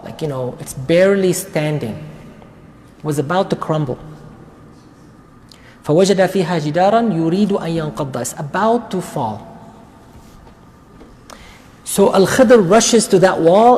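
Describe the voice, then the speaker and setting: A man teaching a Quran study circle, retelling a story in a casual, conversational way with quick asides. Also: high voice, animated, a little mellow. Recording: long reverb of a large hall.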